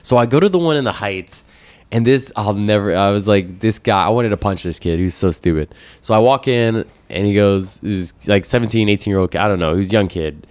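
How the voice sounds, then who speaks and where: A man's voice: on the low side, a little fast, no room sound. A man co-hosting a casual podcast, telling stories and acting out both sides of conversations. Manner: animated storyteller, acts out both sides of conversations. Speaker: podcast co-host. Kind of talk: casual storytelling chat.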